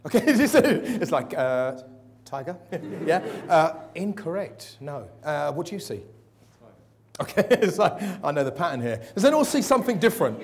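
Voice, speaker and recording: A man's voice: a little high, sing-song, moderate pace, a little mellow. A man giving a motivational keynote talk to a live audience, jokey and quizzing the crowd with questions. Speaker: keynote speaker. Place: event hall with an audience.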